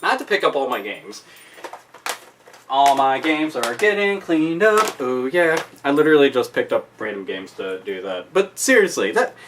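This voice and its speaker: A man's voice: medium pitch, big pitch swings, normal speed, fairly bright tone, slight background noise. A man ranting to camera as a YouTuber, swearing constantly and repeating his points with heavy emphasis. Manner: profane, emphatic, repetitive. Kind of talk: angry rant vlog.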